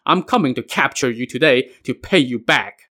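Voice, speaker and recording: A man voicing a furious young male war god who shouts defiant threats, in a podcast myth retelling. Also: mid-range voice, expressive, normal speed. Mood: bitter.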